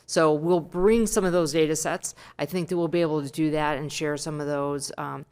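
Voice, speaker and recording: A woman presenting at a school board meeting, halting and filling pauses with um and you know. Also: sits low, fairly even intonation, darkish tone, smooth.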